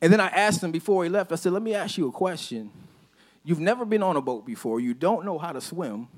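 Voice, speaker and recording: A man preaching a sermon as a pastor, telling a personal story in a casual, conversational way and often dropping to a soft, low voice for emphasis. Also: lively intonation, brisk. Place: church sanctuary.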